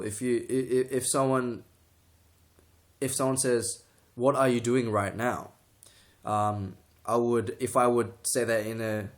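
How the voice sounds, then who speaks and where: Young man, casual vlog tutorial, rambling, lots of restarts, gets sidetracked. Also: on the low side. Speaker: vlogger.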